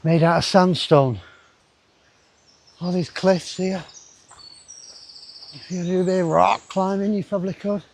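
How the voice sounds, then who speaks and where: A man's voice: high voice, steady tone, unhurried, gravelly, pauses often, a little mellow. A man, chatting casually to his camera as he walks through a river gorge outdoors, rambling with asides to himself. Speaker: travel vlogger. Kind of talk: casual walking commentary.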